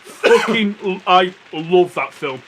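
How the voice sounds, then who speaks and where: A man with a high voice chats enthusiastically on a podcast, often restarting his sentences. Rain patters faintly in the background. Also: animated, slow, fairly bright tone, a little hiss or hum. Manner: enthusiastic, stumbling over words. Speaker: podcast co-host. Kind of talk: casual chat. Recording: rain on the roof faintly behind.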